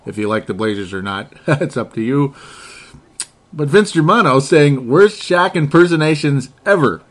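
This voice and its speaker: Male podcast co-host, casual chat, loose and jokey, middle pitch. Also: big pitch swings, moderate pace, fairly bright tone. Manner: rambling, laughs often, jokey.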